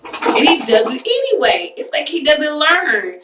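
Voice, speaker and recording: A woman's voice: high-pitched, sing-song, unhurried, recorded from a distance, heavy background noise. A young woman in a casual vlog, telling an emotional story in a rambling way full of fillers. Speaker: vlogger. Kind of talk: casual chat to camera. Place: home bathroom. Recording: echoey bathroom, voice from mic.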